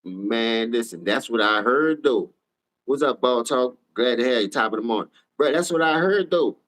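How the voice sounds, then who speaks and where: A man hosts a live sports talk stream. He trash-talks players in a heated, profane rant. His delivery swings from low, muttered asides to high, shouted outbursts. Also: lively intonation, moderate pace, poor audio. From New Orleans. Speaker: sports talk show host.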